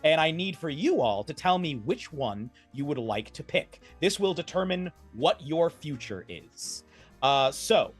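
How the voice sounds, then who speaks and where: A playful, enthusiastic man introduces a tabletop game as its game master. His pitch swings in a lively way as he stresses his words. Faint music plays behind him. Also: a little slow, slightly rough.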